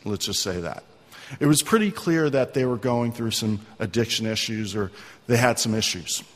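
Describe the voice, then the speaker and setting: Male pastor, sermon, earnest and conversational, long hall reverb. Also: fairly low pitch. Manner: conversational, earnest, asks the congregation questions.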